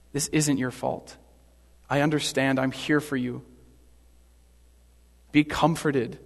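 A man voicing a calm, gentle figure in a soft, soothing way, his voice echoing in a hall. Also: medium pitch, lightly acted.

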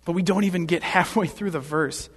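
A man's voice: sits high, fairly quick, slightly rough, long reverb tail. A man preaching a sermon in an earnest, explanatory way.

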